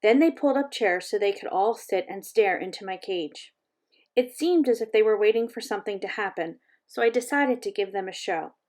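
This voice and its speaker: A woman reading a children's chapter book aloud in a gentle, measured storytelling voice. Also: medium pitch, lively intonation. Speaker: reader.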